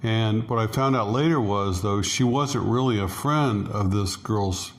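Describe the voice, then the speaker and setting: A man's voice: lowish voice, a little slow. A middle-aged man casually telling a rambling personal story, full of fillers and acted-out quotes. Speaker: interview guest, expat.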